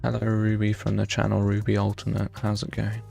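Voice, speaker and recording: A man's voice: on the low side, monotone, a little fast, gravelly, darkish tone, soft background music. A young man from the UK, chatting casually and self-mockingly while streaming a game and answering chat. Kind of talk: live gameplay chat.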